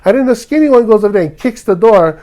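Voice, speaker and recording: A podcast host from Hawaii, this man has a warm, expressive voice that sits high, and he talks fast. His ranting commentary is heated and indignant, and he acts out other people's lines.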